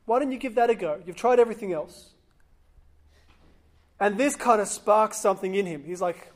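A man's voice: sits high, a little fast. A man giving a sermon, retelling a scripture story in a conversational way and acting out the voices of the people in it. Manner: acts out quoted voices, conversational. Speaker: preacher.

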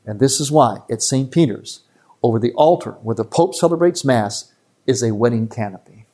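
A man, a priest giving a retreat talk to a live audience in an earnest, emphatic way with quick asides. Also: mid-range voice, warm tone.

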